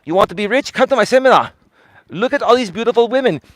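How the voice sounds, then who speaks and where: A man playing a pushy seminar salesman from a TV ad, his voice thrown up high and loud in a hard sell. The sound is close and dry. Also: animated, fast talker, no room sound.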